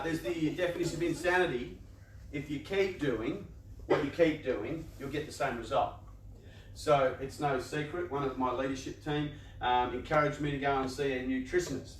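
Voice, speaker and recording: A man's voice: medium pitch, a little hiss or hum. A man gives a motivational talk to a live audience in a large room. He talks conversationally and playfully, laughs often, and acts out people's inner voices. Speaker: youth organisation speaker. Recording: echoey room, voice picked up from a distance.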